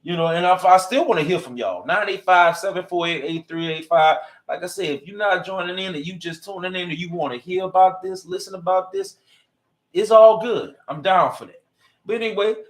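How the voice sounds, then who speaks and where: A man's voice: a little high, roomy sound. A man hosting a radio comedy show, talking in a motivational, preachy and playful way. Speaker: radio host.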